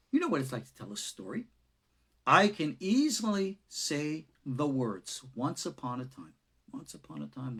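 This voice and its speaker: A man, a rabbi, giving an unscripted lesson in an expressive way, swinging between loud and soft and chuckling now and then. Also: mid-range voice, husky. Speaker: rabbi teaching Kabbalah. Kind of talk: unscripted lecture.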